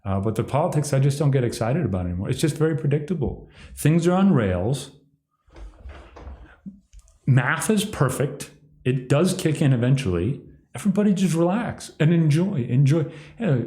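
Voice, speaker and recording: This is a man's rambling, mocking livestream monologue, sardonic throughout and sometimes slipping into exaggerated impressions. He has a warm, medium-pitched voice, recorded in an echoey space.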